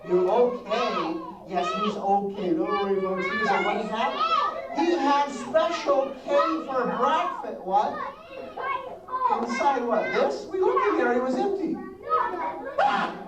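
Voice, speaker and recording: A middle-aged woman leads a children's puppet show at a school assembly, her high voice full of exaggerated surprise and call-and-response. She sounds distant in a roomy hall, with a crowd of children around her. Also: background noise.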